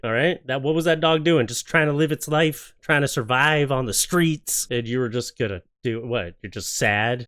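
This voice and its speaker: A YouTube reaction host with a medium-pitched, slightly bright voice rants casually about clips. His comedic commentary is sarcastic and jokey, full of exaggerated acted quotes.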